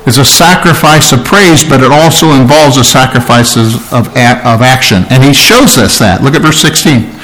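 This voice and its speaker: A man's voice: medium pitch, moderate pace, hardly any pauses, fairly bright tone, rough recording. A male pastor preaching a sermon, explaining scripture verse by verse with emphatic points and questions to the congregation.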